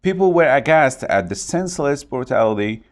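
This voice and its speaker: A man teaching English vocabulary, saying each word slowly and repeating it to model pronunciation. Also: mid-range voice, very animated. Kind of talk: vocabulary lesson.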